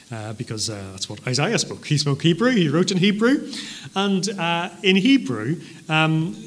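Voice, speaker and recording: Delivering a sermon, a man in a fairly high, slightly bright voice walks through a passage with measured teaching. Now and then he uses fillers and repeats things for emphasis.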